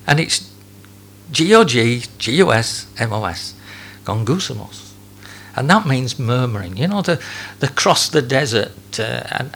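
A man preaches a sermon in a gravelly voice. He stumbles and repeats his words and chuckles between points. A faint hum sits under the recording. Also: medium pitch, a bit bright.

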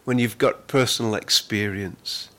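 A man preaching a sermon as pastor, earnest, with frequent repeated words, who slows down to stress the scripture he reads. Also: lowish voice, fairly even intonation, fairly bright tone.

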